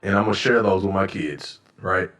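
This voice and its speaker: A man in his thirties co-hosting a podcast, loud and profane, laughing often. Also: low-pitched, a little fast. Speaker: podcast co-host. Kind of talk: casual chat. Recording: echoey room, mic at a distance.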